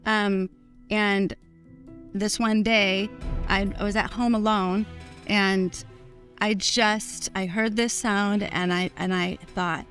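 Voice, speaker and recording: A woman telling a documentary interviewer about her father's captivity, speaking in an emotional, halting way with restarts. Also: medium pitch, fairly even intonation, fairly bright tone. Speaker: daughter of a hostage. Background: faint music.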